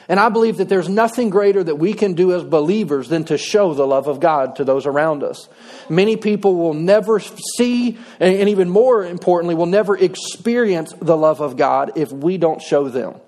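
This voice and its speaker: A man's voice: high-pitched, a little mellow. A middle-aged man, preaching a sermon in a folksy, conversational way with touches of humor. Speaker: pastor.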